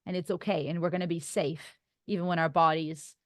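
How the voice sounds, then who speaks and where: A woman's voice: fairly low pitch, fairly even intonation, fairly quick, dry recording, studio quality. A woman podcast host, a native German speaker, talking in an earnest, reflective way and laughing often during a casual interview.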